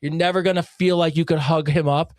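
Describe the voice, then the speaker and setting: A man co-hosting a casual podcast, talking in an excitable, rambling way with plenty of swearing and laughter. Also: fairly high pitch, brisk, dry recording, studio quality. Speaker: podcast co-host.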